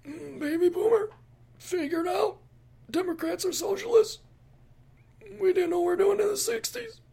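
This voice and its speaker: A man putting on the voice of a feeble, dying old male baby boomer in a high, strained, crying tone. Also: normal speed, creaky, mellow. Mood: whiny.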